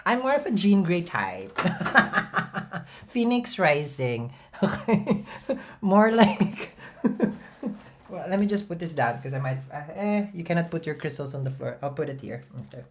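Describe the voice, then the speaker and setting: A woman's voice: low voice, sing-song, measured pace, a little hiss or hum. A middle-aged woman, hosting an astrology livestream in a chatty, casual way, reading viewer comments and laughing often.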